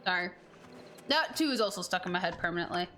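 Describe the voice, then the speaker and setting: A woman's voice: lowish voice, expressive, fast talker, sharp tone, slight background noise. A young woman streaming a game and telling a rambling story in casual chat, full of "like" fillers. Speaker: gaming streamer. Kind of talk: casual chat over gameplay.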